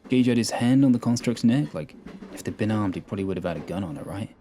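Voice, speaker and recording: A man voicing Lee, a cautious male agent who speaks quietly and hesitantly in a sci-fi audio story. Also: on the low side, expressive, quick pace, noisy background. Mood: uneasy.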